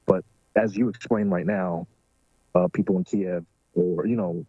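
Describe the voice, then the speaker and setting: A man's voice: deep voice, steady tone, unhurried, mellow, breathy edge, no echo, dull audio. A man co-hosting a casual talk show, speaking hesitantly with many fillers and restarts.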